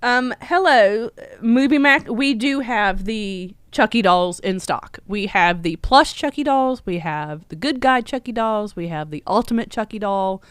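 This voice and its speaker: A woman running a casual live stream from her store, chatty and excitable, with lots of ums. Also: mid-range voice, a little slow, few pauses, clear, resonant tone, dry recording, studio quality. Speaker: shop owner hosting a livestream.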